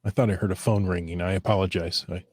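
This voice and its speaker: A man's voice: sits low, fairly even intonation, quick pace, a little mellow, breathy edge, no room sound. A man hosting a casual podcast chat, talking loosely with restarts and easy laughter. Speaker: podcast host.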